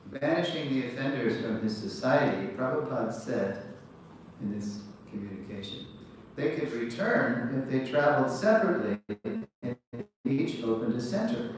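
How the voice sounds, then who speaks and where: An older man giving a lively storytelling lecture, recorded from a distance in a large hall. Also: mid-range voice, normal speed. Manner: animated storyteller, acts out quotes. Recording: echoey hall, distant mic, noisy.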